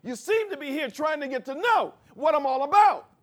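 A man's voice: extremely high pitch, big pitch swings, moderate pace, voice pushed up. A man preaching in the voice of Jesus, an earnest teacher explaining who he is. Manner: earnest, explaining himself directly. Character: Jesus, grown man, patient authoritative teacher.

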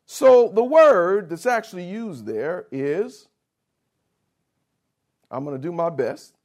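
Male preacher, unhurried and insistent, speaks straight to the congregation. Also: fairly high pitch, lively intonation, darkish tone. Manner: spells out Greek words slowly and earnestly; addresses listeners directly and insistently. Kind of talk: sermon.

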